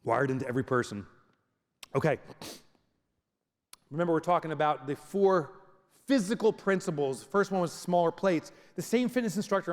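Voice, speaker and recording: A man giving a comedic motivational talk to a live audience, telling stories and acting out scenes. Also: high-pitched. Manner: animated storytelling, acts out scenes. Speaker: keynote speaker. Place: large venue with audience. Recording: reverberant hall.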